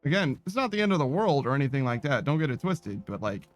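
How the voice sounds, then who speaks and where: A man's voice: medium pitch, very animated, fast, no echo, soft background music. A man giving let's-play commentary in a sardonic, profane, rambling way. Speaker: gaming streamer.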